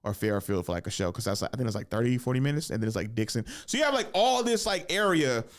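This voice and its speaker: A man in his thirties, a comedian hosting a podcast, talking casually in a rambling, profane, animated way in a podcast studio. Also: medium pitch, quick pace. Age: 30s.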